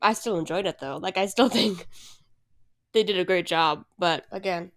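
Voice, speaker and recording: A woman's voice: fairly low pitch, normal speed, a bit bright. A young woman co-hosting a casual podcast, rambling with lots of fillers and self-deprecating asides. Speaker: podcast co-host. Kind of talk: casual chat.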